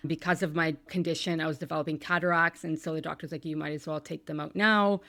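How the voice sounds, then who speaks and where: A woman's voice: deep voice, fairly even intonation, fast, pushed and bright, dry recording. A woman podcast host in her thirties telling a painful personal story, candid and emotional, with some swearing.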